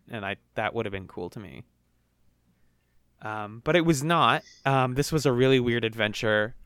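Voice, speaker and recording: Young guy on a podcast, smooth clear voice, dry close mic, rambly and animated. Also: medium pitch, no echo. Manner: rambling, animated retelling with put-on quotes. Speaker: podcast co-host. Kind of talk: casual chat.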